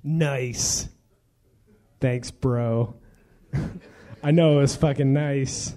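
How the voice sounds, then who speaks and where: A man's voice: medium pitch, fairly even intonation, drawn-out words, dark tone. A young man doing a loose, profane stand-up set while intoxicated, laughing at his own jokes. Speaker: stand-up comedian.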